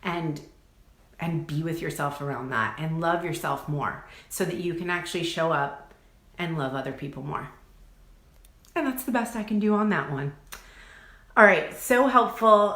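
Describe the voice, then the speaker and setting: A woman's voice: low voice, expressive, a little slow, a bit bright, roomy sound. A woman, coaching viewers during a live stream. She reads their comments aloud and answers in an effusive, chatty way, swearing casually. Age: 40s.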